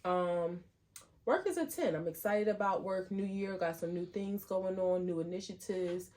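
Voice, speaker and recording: A woman co-hosts a podcast in relaxed conversation. Her voice sits a bit low, and she talks upbeat and chatty, with ums sprinkled through. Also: moderate pace. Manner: upbeat, chatty, hesitant fillers. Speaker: podcast co-host. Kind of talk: casual chat.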